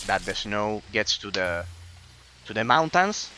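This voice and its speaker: A man streams a game and muses over its design, his talk full of "uh"s and restarts. His voice is bright and clear. A faint room hum sits behind him. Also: on the low side, very animated, unhurried, poor audio. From Italy. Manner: musing, analytical, with many fillers. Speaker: gaming streamer. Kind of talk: let's-play commentary.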